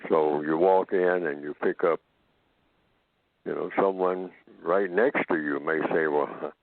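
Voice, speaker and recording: A man with a very deep voice explains himself at a measured pace and circles back to repeat his points. He is heard over a tinny, phone-like line. The sound is dry and close, with no room around it. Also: fairly even intonation, no echo. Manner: slow, measured, repeats phrases for emphasis. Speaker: radio program guest answering callers. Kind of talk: call-in radio talk.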